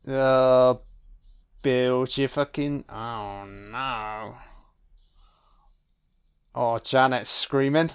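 A man giving an audio-only film commentary, reacting with profane, excitable remarks. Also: medium pitch, very slow, pauses often, smooth.

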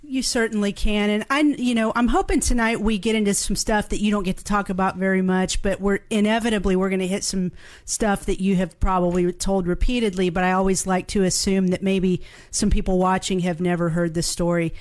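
A woman's voice: medium pitch, fairly even intonation, brisk, a little mellow. A woman hosting a live stream interview, chatty and encouraging as she prompts her guest's story. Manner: chatty and encouraging, laughs easily. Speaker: host.

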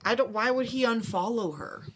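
A woman's voice: fairly high pitch, moderate pace, slightly rough. A woman co-hosting a podcast, joking and reacting in casual chat. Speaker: podcast co-host.

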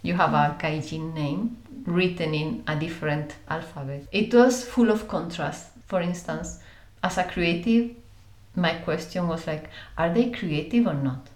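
A woman, telling stories as an interview guest in a lively way, acting out voices and using many fillers. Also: fairly low pitch, a little slow, reverberant. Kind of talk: conversational storytelling.

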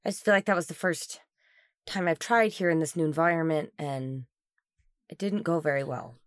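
A woman playing a tabletop game, speaking softly and hesitantly in character as a gentle missionary. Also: low-pitched, normal speed, dry recording, studio quality. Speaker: player.

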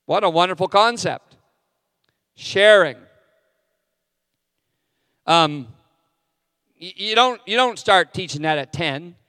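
Self-mocking pastor with a smooth voice. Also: male voice, high voice, animated, moderate pace, sharp tone, clean studio sound. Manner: candid, self-deprecating asides. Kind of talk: sermon. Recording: long hall reverb.

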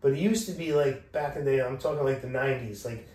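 A man's voice: mid-range voice, fast, a little mellow. A man co-hosting a podcast, asking blunt questions and ranting his opinions in casual chat. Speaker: podcast co-host. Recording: echoey room, mic at a distance.

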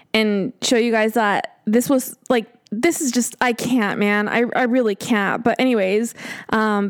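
A woman in her late twenties tells a story on her podcast in loose, casual chat. Her voice sits a little higher than most. She swears freely and acts out her own exasperated replies. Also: vocal fry. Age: 20s. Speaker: podcast host.

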